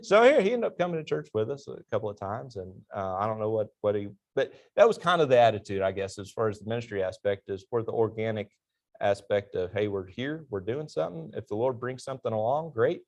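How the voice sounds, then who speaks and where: Interviewed in a church class, a middle-aged army veteran tells animated stories and laughs at his own punchlines. He talks fast in a lowish, slightly mellow, sing-song voice.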